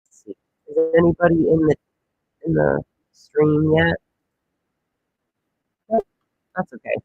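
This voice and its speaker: A man's voice: on the high side, lively intonation, measured pace, narrow, tinny audio. A man hosting a comedic weather livestream, chatting casually and rambling with lots of fillers and jokes. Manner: rambling, joking, many fillers.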